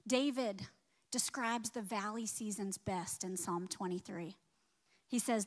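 A woman pastor preaching a sermon, climbing loud and high on key points and dropping low and quiet to quote scripture. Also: moderate pace.

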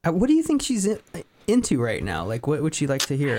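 A man co-hosting a podcast, chatting casually with a playful, deadpan teasing manner and frequent laughs. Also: on the high side, quick pace, a little hiss or hum. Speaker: podcast co-host. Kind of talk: casual joking chat.

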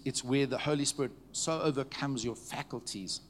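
A man preaching to a congregation, telling stories in a conversational way, checking in with the listeners and dropping to a hushed tone at tender moments. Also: mid-range voice, moderate pace, slight background noise. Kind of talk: storytelling sermon. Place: church meeting before a live audience.

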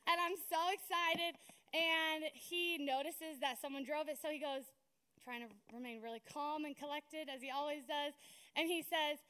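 High, bright woman preaching a sermon. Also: moderate pace. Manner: conversational, storytelling, frequent "right?" tags.

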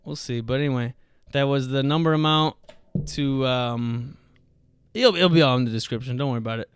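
A man's voice: medium pitch, fairly quick, clean tone. A young man hosting a solo podcast, rambling and joking with heavy profanity and slang. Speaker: podcast host.

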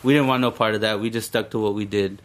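A man's voice: fairly low pitch, fairly even intonation, fast. Laid-back young man telling a story. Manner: profane, rambling, laid-back. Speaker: podcast co-host. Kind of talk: casual storytelling.

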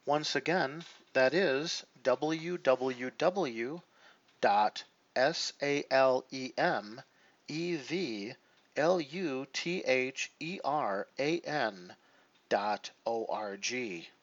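A man's voice: medium pitch, expressive, drawn-out words, dry recording, muffled recording. A man reading a scripted closing announcement for a church podcast, spelling out a web address letter by letter.

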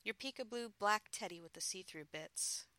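A woman reading the lines of a playful adult husband teasing his wife over the phone, in a low murmur. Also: normal speed, sharp tone, close to an everyday voice.

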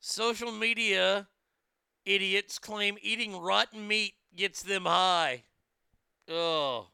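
A brash American-born man riffing through news stories with crude, mocking humor. His voice is gravelly and very bright, smooth in tone. He is heard close and dry on a studio mic. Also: sits high, fairly even intonation, slow, no echo. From United States. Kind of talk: crude comedic news commentary.

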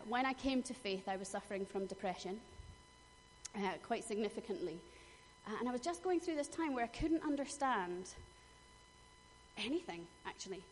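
A middle-aged woman preaching a sermon, telling personal stories in an earnest way, with emphatic bursts. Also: medium pitch. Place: church hall. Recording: long hall reverb, faint noise.

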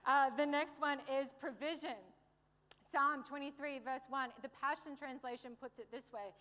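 A young woman preaching a sermon in a lively way, with joking asides and calls for an amen. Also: high-pitched, normal speed. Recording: long hall reverb.

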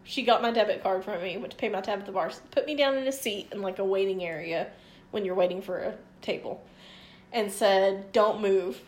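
A woman telling a story on a podcast in a lively, profane way, acting out what people said. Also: mid-range voice, a little fast. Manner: animated, profane storyteller who acts out quotes. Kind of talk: casual podcast chat.

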